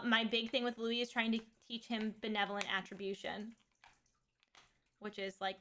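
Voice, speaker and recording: Bright-voiced rambling woman streamer. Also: medium pitch. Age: 30s. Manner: rambling, frank, swears casually. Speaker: streamer and mother. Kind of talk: casual livestream chat.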